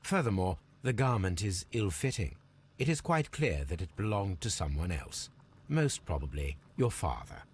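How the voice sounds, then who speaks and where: A calm, sharp-minded detective questions a suspect in a measured, deductive voice. His pitch sits very low yet moves in wide, lively swings. It is game dialogue, poised and methodical. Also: slightly rough, full character voice. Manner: measured, deductive and coolly probing. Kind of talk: video game voice acting.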